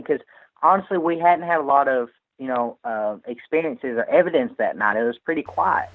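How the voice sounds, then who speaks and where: A man telling an animated, laughing story as a guest on a radio talk show. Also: mid-range voice, moderate pace, phone-quality sound. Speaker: guest medium's partner.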